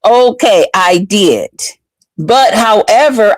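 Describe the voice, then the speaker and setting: Her mid-range voice is expressive and slow, captured in a dry recording. She's an online commentary host who addresses viewers head-on with unfiltered, profane, chatty bluntness.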